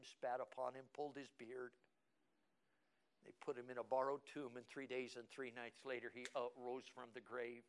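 A man preaching a sermon in a church service. He tells the story with dramatic repetition and builds up to shouting. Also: medium pitch, vocal fry. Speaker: pastor.

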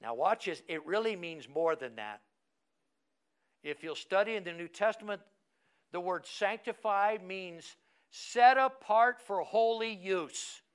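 A man with a high voice preaches to his class. He asks the room questions and calls on people by name as he teaches. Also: lively intonation, a little slow, a bit bright, clear, resonant tone. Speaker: pastor. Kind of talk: sermon teaching.

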